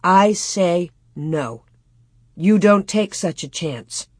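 A woman's voice: medium pitch, animated, moderate pace, a little mellow, dry recording, studio quality, lightly acted. A woman reading as a stern pioneer mother. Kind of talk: audiobook reading.

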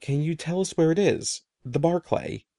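Anxious young girl as a man reads her, lively pitch, gravelly edge. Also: moderate pace, no room sound, studio quality. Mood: worried. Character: girl narrator, anxious and curious.

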